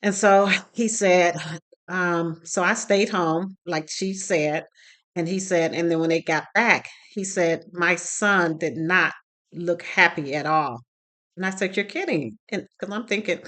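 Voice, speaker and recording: A woman's voice: on the low side, measured pace, a bit bright. A woman who teaches parenting classes, telling a personal story to her phone camera in a casual, emotional way and acting out what people said. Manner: retells dialogue with quoted voices, emotional. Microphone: phone recording herself.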